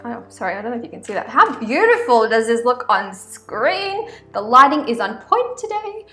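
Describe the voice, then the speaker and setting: Woman, Australian accent, high voice, chatty oracle card vlog, roomy room sound with faint music underneath. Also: very animated, normal speed, pushed and bright. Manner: chatty and rambling, many "um" and "like" asides. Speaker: spiritual vlogger reading oracle cards.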